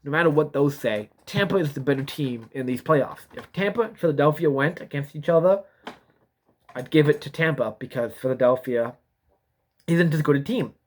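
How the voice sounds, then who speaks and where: Rambling young man, a bit high. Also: moderate pace. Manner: rambling, repeats himself, yawning. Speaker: YouTuber giving sports predictions. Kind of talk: casual vlog commentary.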